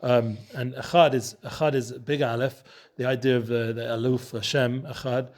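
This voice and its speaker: A man's voice: medium pitch, level tone, normal speed, darkish tone. A man teaching a Torah study session and hosting the show, talking loosely with many restarts and mixing in Hebrew and Yiddish terms.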